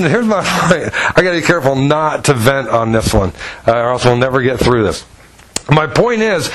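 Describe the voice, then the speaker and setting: A pastor preaching to his congregation, telling stories with animated delivery and acting out the people in them. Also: slight background noise, rough recording. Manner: animated storytelling, acts out voices with pitch jumps. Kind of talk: sermon.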